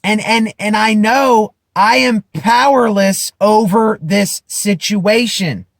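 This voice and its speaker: A man with a high, light voice talks slowly and deliberately in a self-help vlog. He repeats phrases for emphasis and builds to loud declarations. The sound is dry and close. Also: dry recording. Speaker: vlogger. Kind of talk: impassioned self-help monologue.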